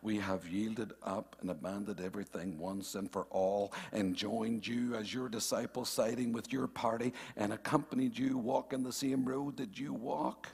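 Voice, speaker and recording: A preacher putting on a low, hushed voice for an impulsive, boastful disciple during a sermon. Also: male voice, steady tone, normal speed, creaky, hardly any pauses, husky, exaggerated voice.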